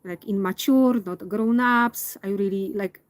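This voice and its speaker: A woman, not a native English speaker, telling a personal story in a reflective monologue and often pausing to search for words. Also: medium pitch, dry recording. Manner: thoughtful, pauses to search for words. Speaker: vlogger.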